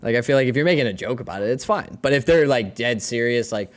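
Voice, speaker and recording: A twenty-five-year-old man co-hosting a comedy podcast, joking and quick to laugh. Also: medium pitch, expressive. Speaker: podcast co-host. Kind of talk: casual comedic chat.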